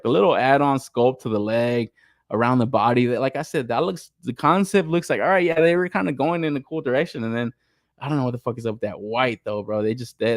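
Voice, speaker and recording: A man's voice: medium pitch, dry recording, studio quality. A young man hosting a toy podcast in casual, loose chat, swearing freely and laughing often. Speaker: podcast host. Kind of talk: casual toy-news commentary.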